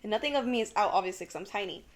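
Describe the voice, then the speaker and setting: A young woman co-hosting a casual chat podcast, an animated storyteller who acts out her own panicked shouts and fills her talk with "like" and "girl". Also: mid-range voice, very fast. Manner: swears casually, says "like" and "girl" often. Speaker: podcast co-host.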